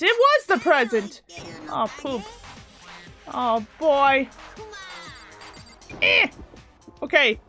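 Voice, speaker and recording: A young woman hosting a gaming channel, giving excitable, giggly let's play commentary. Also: sits high.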